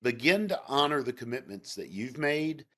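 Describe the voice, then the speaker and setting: A man's voice: medium pitch, lively intonation, normal speed, a bit bright. An older man who is a sales coach, answering interview questions in an emphatic, coaching way with punchy phrases.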